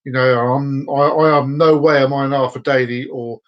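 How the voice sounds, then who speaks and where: A man's voice: medium pitch, steady tone, moderate pace, highs cut off. A man hosting a casual live stream, rambling and telling groan-worthy jokes to viewers by name. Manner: chats directly to viewers by name.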